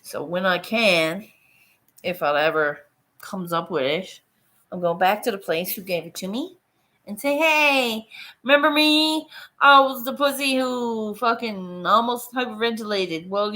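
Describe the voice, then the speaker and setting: Slow, low-voiced rambling woman. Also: fairly bright tone. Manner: rambling, swears casually, laughs often. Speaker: livestream host. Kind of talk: casual livestream chat.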